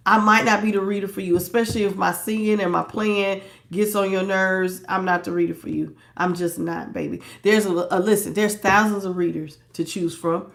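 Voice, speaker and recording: A creaky, medium-pitched woman's voice, a bit fast with fairly even intonation, belongs to an adult past youth hosting a casual tarot stream. She's playful and laughs a lot, greeting viewers by name and calling them "baby" and "child."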